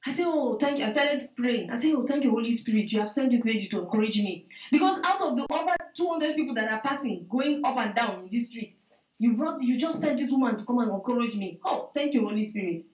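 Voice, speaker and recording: Woman testifier, fairly high, roomy call audio, tells it vividly. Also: fast. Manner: animated storytelling, acts out dialogue, repeats "I said". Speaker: church member giving testimony. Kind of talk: spoken testimony to a prayer meeting. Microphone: video call.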